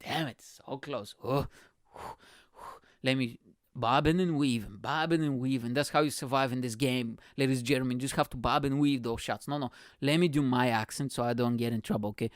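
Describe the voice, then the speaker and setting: Male comic host, solo podcast: meandering, profane, says bro constantly, mid-pitched voice. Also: fairly quick, dry recording, studio quality. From immigrant. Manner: rambling, profane, constantly says bro and you know what I'm saying. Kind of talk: casual comedic podcast monologue.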